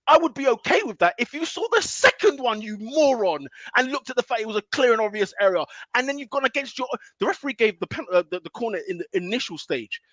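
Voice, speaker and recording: A man's voice: very high voice, animated, brisk, hardly any pauses, fairly bright tone, no echo. A man co-hosting a podcast, ranting in a heated football debate and repeating himself in exasperation. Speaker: podcast co-host.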